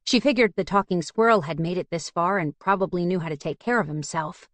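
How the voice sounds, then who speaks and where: A woman narrating a fantasy audiobook in a steady storytelling manner. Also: on the low side, brisk, dry recording. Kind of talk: scripted narration.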